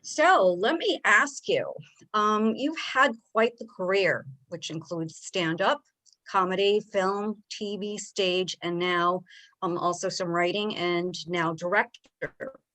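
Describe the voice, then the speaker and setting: A woman's voice: mid-range voice, takes it slowly, a bit bright, low-quality recording. A woman in her forties moderating a video-call interview, asking questions in an upbeat, friendly way.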